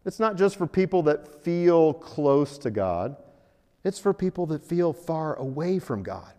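A man's voice: on the high side, big pitch swings, measured pace, dark tone. A man preaching a sermon, earnest, with rhetorical questions and stressed key phrases, in a church hall. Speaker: pastor. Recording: echoey hall.

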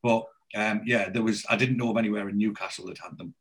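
A man's voice: fairly low pitch, quick pace. A man from England, co-hosting a podcast in casual chat and animatedly retelling TV scenes, swearing freely. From South Shields, northeast England. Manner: animated storyteller who acts out lines, with frequent swearing. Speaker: podcast co-host. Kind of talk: casual chat recapping a TV episode.

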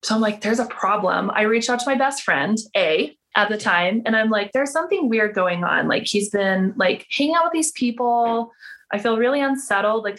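A woman's voice: medium pitch, a bit bright. A woman in her thirties, a podcast guest, telling a personal story in a casual, chatty way, full of "like" fillers and acted-out quoted dialogue. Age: 30s.

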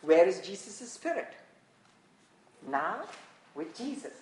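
Animated preacher, male, asks the room questions, reverberant hall sound. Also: sits high, slight background noise. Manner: animated, rhetorical questions, quick asides. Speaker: pastor. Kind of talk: sermon.

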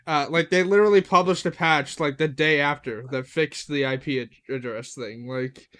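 A man's voice: fairly high pitch, fairly even intonation, normal speed, fairly bright tone. A man co-hosting a casual podcast, talking chattily with lots of fillers and frequent laughter. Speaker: podcast co-host. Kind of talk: casual chat.

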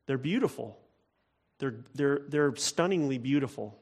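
A man's voice: medium pitch, expressive, measured pace, darkish tone. A man preaching a sermon, earnest and emphatic, often repeating phrases for weight. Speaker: pastor.

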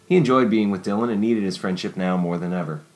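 A man narrating a story in a steady, measured audiobook reading. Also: on the low side, soft background music.

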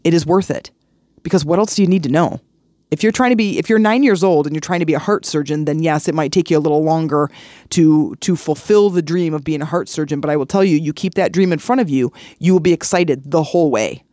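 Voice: mid-range voice, quick pace, dark tone, no echo. Earnest middle-aged podcast host, dry sound. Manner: earnest, repetitive, chatty, with fillers and restarts. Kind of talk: casual motivational talk with personal stories.

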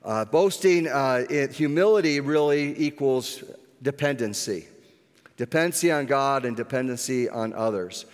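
Earnest preacher in an echoing hall. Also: male voice, mid-range voice. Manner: earnest, with restarts and slowed emphasis. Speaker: pastor. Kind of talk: sermon. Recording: echoey hall with long reverb.

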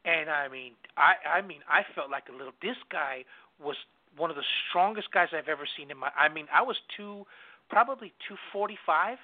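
A wrestler calls in and tells a story in a lively, laughing way, peppered with "dude" and "bro". His voice sits high for a man. The sound is thin and boxy, like a phone line. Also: brisk. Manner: animated, laughs often, says "dude" and "bro". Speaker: guest wrestler. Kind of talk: casual storytelling.

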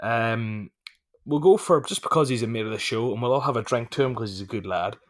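A man's voice: medium pitch, a little fast. A man hosting a casual podcast over drinks, jokey and loose, swearing freely in banter. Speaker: podcast host.

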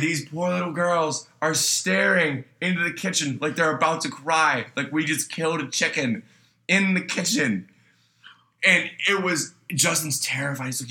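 A man's voice: a little high, moderate pace. A young man in casual chat, swearing freely and telling a story about kitchen work. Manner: profane storyteller who shouts out the voices in his stories.

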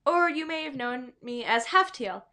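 A woman's voice: high-pitched, expressive, normal speed, pushed and bright, exaggerated voice. Woman reading a solemn old tomcat elder. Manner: solemn, formal. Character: wise old male elder cat.

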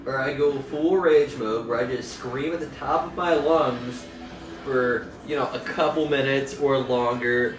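A man's voice: medium pitch, a little slow, echoey room, recorded from a distance, poor audio. A man co-hosting a casual podcast, rambling and swearing as he chats and laughs easily. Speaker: podcast co-host. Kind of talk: casual drunk podcast chat.

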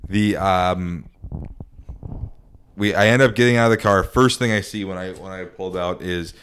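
Deep-voiced man telling a rambling story. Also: normal speed, fairly bright tone, slight background noise. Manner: rambling, full of fillers and restarts. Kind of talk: casual storytelling.

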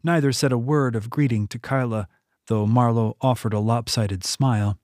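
A man reading a fantasy novel aloud in a steady storytelling manner. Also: moderate pace, no room sound, studio quality. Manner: steady storytelling read, lifting pitch for quoted characters. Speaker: audiobook narrator. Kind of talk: scripted narration.

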